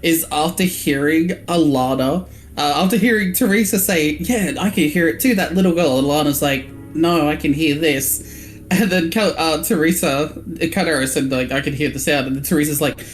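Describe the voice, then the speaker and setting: A man's voice: fairly high pitch, moderate pace, soft background music. A man playing a tabletop game, joking and swearing as he describes what his character does. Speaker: player. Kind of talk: casual tabletop game chat.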